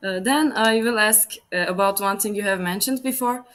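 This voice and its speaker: A woman's voice: mid-range voice, moderate pace, fairly bright tone. A woman interviewer whose first language is Turkish, asking polite, hesitant questions in English.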